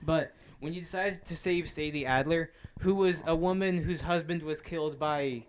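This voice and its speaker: A man's voice: a little high, normal speed. A young man co-hosting a casual podcast, rambling enthusiastically about a video game with plenty of fillers. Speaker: podcast co-host. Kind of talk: casual chat.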